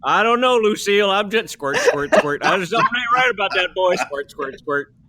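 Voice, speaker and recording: A man's voice: high-pitched, animated, normal speed, sharp tone, voice pushed up. A man doing a grumbling old farmer. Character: grumbling old male farmer milking a cow.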